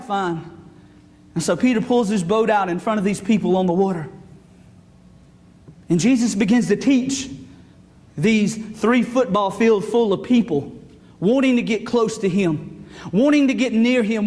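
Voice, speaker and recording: A man, a student pastor preaching a sermon in a folksy, animated storytelling way. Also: sits high. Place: church sanctuary. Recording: long reverb of a church sanctuary.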